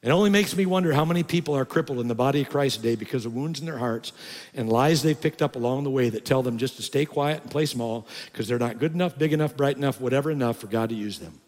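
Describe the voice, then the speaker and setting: An older man preaching a sermon as a pastor, often rising to loud, high emphatic bursts. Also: fast talker. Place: church sanctuary. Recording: reverberant church hall.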